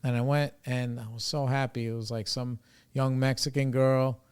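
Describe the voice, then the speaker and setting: A man's voice: medium pitch, level tone, normal speed, darkish tone, smooth. A man from New York with a New York accent, hosting a recovery podcast in a casual, rambling monologue, loose and profane, full of "you know" and "like.".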